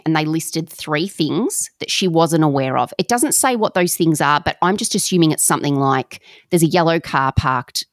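A woman co-hosting a podcast, telling a story in casual, animated chat with slang and the odd swear word. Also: sits low, moderate pace, few pauses, no room sound, clean studio sound. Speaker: podcast co-host.

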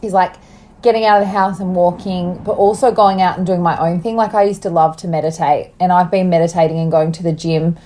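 A woman's voice: lowish voice, steady tone, fairly quick, dark tone. A young woman co-hosting a casual chat, bubbly and rambling, laughing often, with a slight cough. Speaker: podcast co-host.

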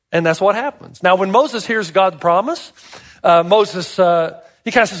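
A man's voice: high voice, moderate pace, in a large hall. A male pastor preaching a sermon, telling stories with animation and asking emphatic rhetorical questions.

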